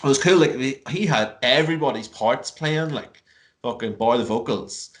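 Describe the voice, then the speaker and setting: An Irish man from Ireland joins a podcast by video call as a guest and tells a long story in casual chat, swearing freely and using lots of fillers. He speaks at medium pitch and a moderate pace.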